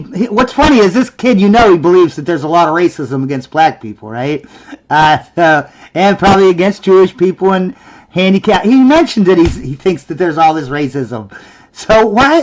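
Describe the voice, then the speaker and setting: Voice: mid-range voice, muffled recording. A reaction video host commenting in an exasperated tone, asking rhetorical questions.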